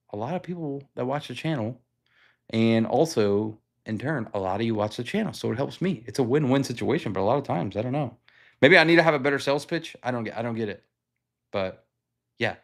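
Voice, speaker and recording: A young man from the United States chats on a casual livestream, telling a story loosely with lots of fillers. He acts out what people said to him and swears freely. His voice sits at an ordinary middle pitch. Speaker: livestream host.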